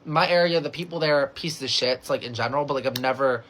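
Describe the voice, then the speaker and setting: A man's voice: mid-range voice, quick pace, a bit bright, a little hiss or hum. A young adult man from California telling a casual storytime, chatty and swearing freely, with lots of "like" as he acts out the dialogue.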